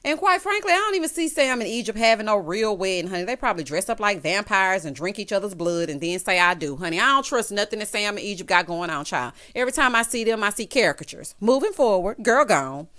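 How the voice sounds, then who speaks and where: A woman's voice: medium pitch, lively intonation, quick pace, hardly any pauses, bright, forceful tone. A woman giving a casual, gossipy recap of a reality show, talking straight to her viewers and calling them honey and child. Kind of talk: casual recap commentary to camera.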